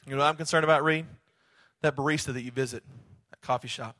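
A man voicing God as a deep, calm voice that gently scolds during a sermon. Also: racing. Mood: gently chiding.

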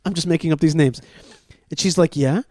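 A man co-hosting a podcast, telling stories in an animated, excitable way, acting out what others said and restarting his sentences often. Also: a little high, a little fast, no room sound, clean studio sound. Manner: excitable, acts out quoted voices, many restarts. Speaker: podcast co-host. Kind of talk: animated storytelling chat.

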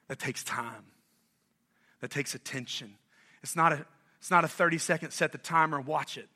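Speaking at a normal speed with long pauses, this middle-aged North Carolina pastor has a slightly high voice. His sermon is lively and conversational as he quizzes and jokes with the congregation.

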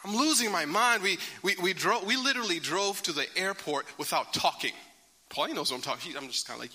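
A man preaching a sermon, telling a story animatedly, swinging between loud bursts and hushed asides. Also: fairly high pitch, lively intonation, a little fast, husky. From Africa. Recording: reverberant hall.

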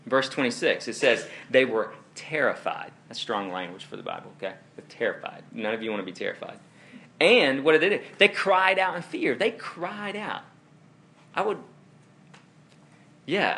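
A man's voice: medium pitch, a little hiss or hum. A young man preaching a casual, conversational sermon, telling stories with chuckling asides. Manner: animated, chuckling, storytelling asides. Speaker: pastor.

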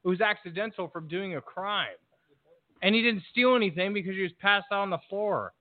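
A man's voice: high voice, a little fast, no room sound. Man, blunt and emphatic, swears a lot, casual discussion, dry close sound, tinny call audio. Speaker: podcast guest.

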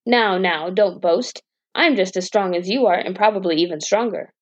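A woman voicing a fearless, cheeky young boy in a storybook tale, speaking boldly and brightly. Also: medium pitch, normal speed, dull audio, natural voice. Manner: bold, bright and unbothered.

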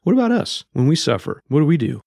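A man's voice: a little high, very animated, quick pace, gravelly, darkish tone, husky, no room sound, studio quality. A man teaching through a Bible book verse by verse, reading scripture aloud and explaining it in a blunt, conversational way.

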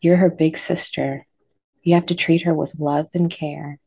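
A woman's voice: sits low, fairly even intonation, measured pace, creaky, warm tone, breathy edge, dry recording, full character voice. A woman doing a stern, scolding mother. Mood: calming. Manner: firm, scolding. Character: stern strict mother of young girls.

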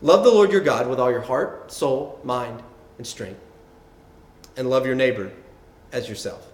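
A man's voice: mid-range voice, a little slow, darkish tone, reverberant. A man preaching a sermon in a conversational way, often repeating words and checking in with the listeners. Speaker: pastor.

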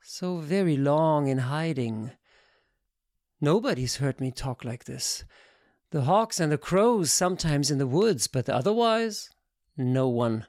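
An audiobook narrator reading literary prose in a measured, intimate, reflective manner. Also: medium pitch, animated, a little mellow, no room sound, clean studio sound.

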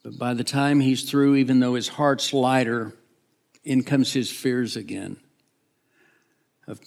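Man, preacher, gravelly voice, storytelling sermon, acts out characters, drops to a whisper at times. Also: medium pitch, fairly even intonation, unhurried. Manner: dramatic retelling, voicing characters, dropping to a whisper.

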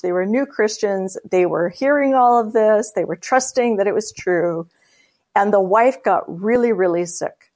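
A woman speaking as a guest, telling a long story with lively voiced quotes and light laughter. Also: mid-range voice. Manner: animated, acts out quoted voices. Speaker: guest speaker, church leader. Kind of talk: storytelling conversation.

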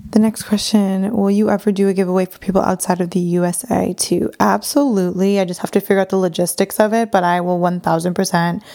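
A woman's voice: medium pitch, little pitch movement, fast, creaky, hardly any pauses, mellow. A young woman hosting a casual solo podcast, talking in an earnest, chatty way with lots of fillers and repeated words. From Brazilian heritage. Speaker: podcast host.

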